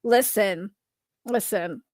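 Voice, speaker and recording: A woman's voice: medium pitch, slow pace, a little mellow, no room sound, clean studio sound. A woman hosting a livestream, chatting casually with her viewers. She swears freely, laughs a lot and slips into sarcastic, mock-innocent protests. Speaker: livestream host reacting to chat.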